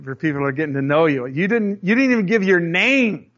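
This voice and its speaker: High-voiced pastor preaching in a conversational, storytelling way. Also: male voice, fairly quick, fairly bright tone, dull audio. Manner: storytelling, acts out voices in anecdotes; conversational, addresses the congregation directly. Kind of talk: sermon.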